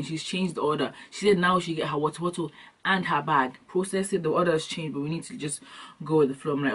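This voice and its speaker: A young adult woman vlogging, telling comic stories in an animated, slangy way and acting out scenes. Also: deep voice, fast talker, breathy edge. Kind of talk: comic storytelling vlog. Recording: distant from the mic.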